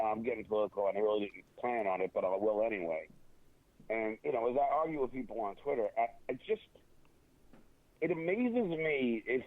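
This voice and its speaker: A man talking as a guest in a casual interview, opinionated and halting, full of restarts and fillers. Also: fairly low pitch, dry recording. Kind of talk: casual interview over a phone line. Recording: tinny phone line, dry.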